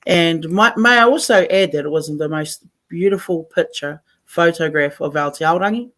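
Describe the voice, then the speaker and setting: A woman's voice: fairly low pitch, moderate pace, fairly bright tone. Effusive New Zealand woman radio host. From Taranaki, New Zealand. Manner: effusive, switches between Māori and English. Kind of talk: live community radio chat.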